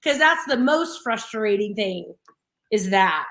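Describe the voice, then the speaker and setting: A woman in her thirties with a medium-pitched voice takes her time as she co-hosts a casual morning live show. She recounts stories animatedly, breaking into laughter and flashes of frustration.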